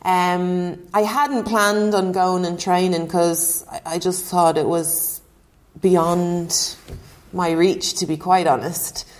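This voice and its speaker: A woman's voice: on the low side, steady tone, takes it slowly. Chatty woman telling a story. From Ireland. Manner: chatty, laughing, acts out dialogue. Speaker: interview guest, former goalkeeper. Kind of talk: casual chat, storytelling.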